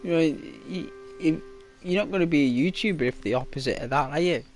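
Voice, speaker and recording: Speaking at a quick pace in a voice on the high side, a Liverpool YouTuber chats and rambles during a gaming livestream. He keeps tacking on "right?" and "you know" as he plays. Soft music sits in the background.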